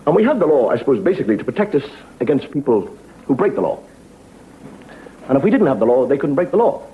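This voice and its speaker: A man's voice: medium pitch, sing-song, fast talker. A man doing a stand-up monologue as comedian and host, telling stories with wry asides and punchlines. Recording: dull, noisy old TV audio.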